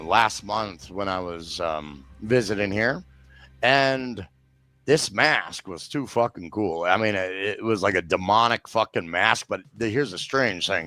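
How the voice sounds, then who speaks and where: A man's voice: low-pitched, sharp tone. A man on a live show, chatting casually and telling a rambling, profanity-heavy story. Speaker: show regular. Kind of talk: casual live-stream chat.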